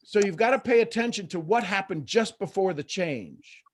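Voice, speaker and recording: A middle-aged man hosting a live motivational coaching call, lively and acting out quoted voices. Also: high-pitched, moderate pace, background noise. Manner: animated, acts out quoted voices. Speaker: host and coach.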